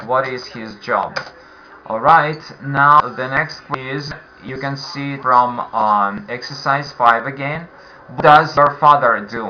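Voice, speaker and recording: A Russian-accented man with a mid-range voice teaches a beginner English class online, speaking slowly and patiently repeating questions for his students. The online call audio sounds dull and lo-fi.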